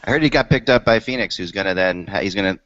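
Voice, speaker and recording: Fast-talking deep-voiced man hosting. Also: expressive, fairly bright tone. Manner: quick, rambling, hands off to co-hosts. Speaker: podcast host. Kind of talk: casual sports chat. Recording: dull lo-fi podcast audio.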